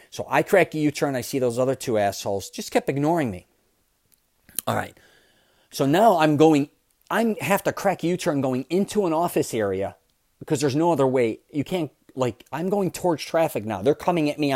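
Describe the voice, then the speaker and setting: A man hosting his own podcast, telling a story in a casual, animated way, swearing and swinging from loud outbursts to low asides. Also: no room sound, clean studio sound. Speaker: podcast host.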